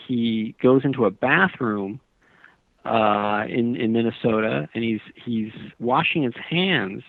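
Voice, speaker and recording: A male author, a guest on a radio interview, tells a long story in a meandering, earnest way with many restarts. His medium-pitched voice comes through a phone, giving a tinny, dry line.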